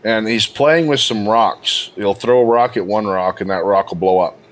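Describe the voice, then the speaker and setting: A man's voice: fairly low pitch, normal speed. A man narrating as game master of a tabletop game, laughing often and teasing his players.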